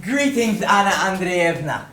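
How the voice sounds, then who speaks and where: An actor on stage playing a silly, flattering small-town gossip. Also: mid-range voice, a little slow, a little hiss or hum. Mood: fawning. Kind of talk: stage play performance. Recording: roomy theater sound from a distance.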